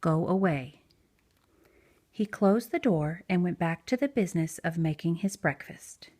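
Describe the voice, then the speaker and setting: A woman reading a picture book aloud to young children, gentle and expressive. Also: fairly low pitch, moderate pace. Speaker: children's story reader. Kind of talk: read-aloud storytelling for preschoolers.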